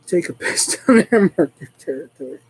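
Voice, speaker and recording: A man's voice: a little high, lively intonation, fairly quick, slightly rough, rough recording. Man rambling and swearing on stream. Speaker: live stream host. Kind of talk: casual live stream chat.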